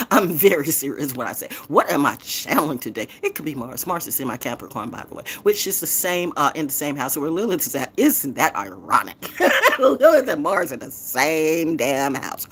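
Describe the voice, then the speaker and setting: A woman's voice: sits low, sing-song, normal speed, a bit bright, slightly rough. A woman poet who hosts her own show, ranting in a defiant, profane, trash-talking way. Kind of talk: confrontational rant.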